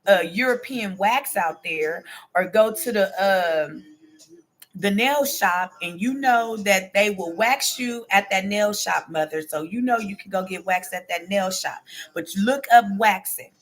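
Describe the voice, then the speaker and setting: A woman's voice: medium pitch, measured pace, fairly bright tone. A woman in her forties hosting a casual show, telling a story to her viewers and answering their comments aloud, often adding "okay?" and "baby". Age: 40s. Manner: chatty, peppers talk with "okay?" and "baby". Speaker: host.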